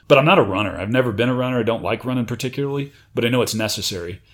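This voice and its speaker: A man's voice: mid-range voice, rapid-fire. A man in casual conversation, talking confidently and emphatically about drive and competition. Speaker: retired military chief.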